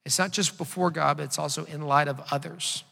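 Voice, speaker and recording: Pastor, man, gravelly bright voice, conversational preaching in a reverberant church hall. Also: fairly high pitch, fairly even intonation, a little fast. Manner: conversational preaching with emphatic repetition. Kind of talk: sermon. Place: church auditorium.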